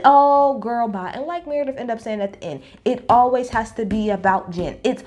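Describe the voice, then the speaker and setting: A woman recapping a reality TV episode in a blunt, profane, animated storytelling style. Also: fairly high pitch, moderate pace, hardly any pauses. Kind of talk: casual opinionated recap.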